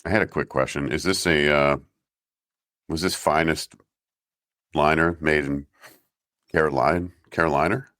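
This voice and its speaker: A man co-hosting a podcast who makes dry jokes and slips into quick mock voices. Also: a bass voice, steady tone, fairly bright tone, no room sound. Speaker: podcast co-host. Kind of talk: casual recap chat.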